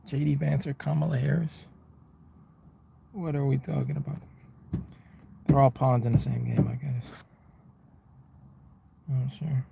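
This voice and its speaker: A man's voice: mid-range voice, flat delivery, a little slow, gravelly, pauses often, background noise. A man, chatting casually with his viewers on a live stream from his car, laid-back and rambling, calling people bro and man. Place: inside a car.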